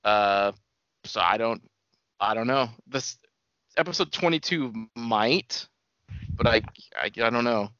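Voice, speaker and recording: A man talks loosely with a bright, forceful voice, trailing off and restarting his thoughts. He co-hosts a casual podcast. The sound is dry and slightly dull. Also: medium pitch, expressive, slow, long pauses, dry recording. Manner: rambling, hesitant, swears casually. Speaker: podcast co-host. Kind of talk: casual chat.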